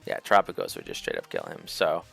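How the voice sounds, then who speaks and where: A man hosting a casual strategy chat, talking loosely and thinking out loud with lots of fillers. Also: very deep voice, wildly swooping pitch, fast talker, creaky, husky, faint music behind. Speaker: host.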